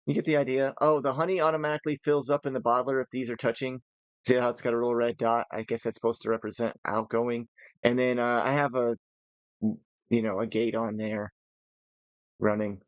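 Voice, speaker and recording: A man's voice: mid-range voice, little pitch movement, fairly quick, no room sound, dull audio. A tired man giving casual, rambling commentary while playing a modded building game, thinking aloud as he goes. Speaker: gaming channel host.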